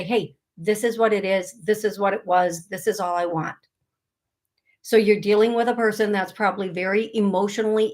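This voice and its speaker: A middle-aged woman hosts a live call-in show, reading listener questions aloud and answering them in a loose, chatty way. She is blunt and jokey, laughing at her own asides, and her voice sits at a middle pitch. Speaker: psychic medium host.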